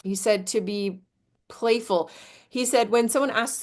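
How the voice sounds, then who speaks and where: Middle-aged woman, live-stream host, casual, filler-heavy, playful. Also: a little slow. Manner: chatty, filler-heavy, jumps up high when demonstrating energy.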